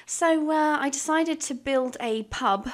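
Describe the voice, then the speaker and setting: A woman's voice: high voice, measured pace. A young English woman chatting casually and rambling as she vlogs over a game build, swearing and laughing now and then. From England. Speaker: gaming vlogger.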